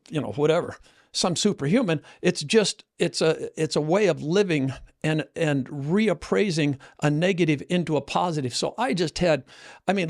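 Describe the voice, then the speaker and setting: A host and coach in his sixties leads a casual chat, telling stories earnestly with many restarts. His voice sits on the high side with vocal fry.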